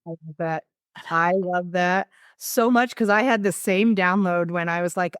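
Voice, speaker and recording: A woman's voice: fairly low pitch, measured pace, smooth, dry recording, studio quality. A woman in her fifties, a podcast guest, talking expressively and dramatizing her inner dialogue. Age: 50s. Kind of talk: casual conversational interview.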